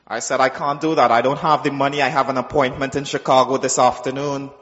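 A man telling his personal testimony to a church, acting out the voices in his story and dropping soft and low when quoting God. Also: flat delivery, quick pace. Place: church sanctuary. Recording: dull sound with long hall reverb.

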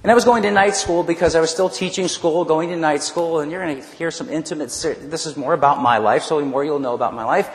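A man with a fairly high voice tells his own story from the pulpit, animated and full of restarts. The sound rings through a large hall with a long reverb tail. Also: quick pace, hardly any pauses. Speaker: preacher. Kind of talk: personal testimony sermon.

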